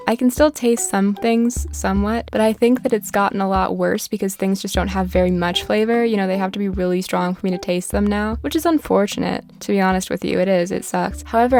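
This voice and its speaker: A woman chatting her way through a video game in a casual, meandering commentary. She jumps between tangents with deadpan humor and tosses sarcastic remarks at characters on screen. Her voice sits at a middle pitch and sounds a little short of breath. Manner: rambling, tangential, deadpan joking. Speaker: gaming YouTuber.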